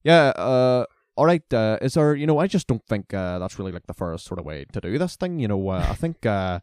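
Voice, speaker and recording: A man's voice: lowish voice, big pitch swings, brisk, darkish tone, dry recording, clean studio sound. A man voicing a bold, chatty rural male classmate with a thick Northern Irish country accent, rambling through fillers and talking over everyone. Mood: insistent. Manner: rambling, filler-heavy, overfamiliar.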